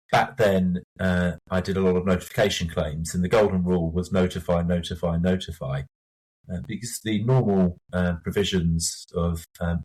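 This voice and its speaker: Deep husky man speaking with hesitation. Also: darkish tone. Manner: hesitant, many fillers, measured. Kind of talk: casual professional discussion.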